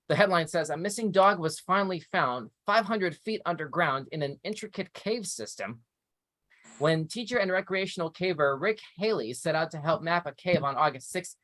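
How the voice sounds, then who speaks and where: A man's voice: on the high side, fairly bright tone, no room sound. A man hosting a live news review show, reading articles aloud with chatty asides. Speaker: show host.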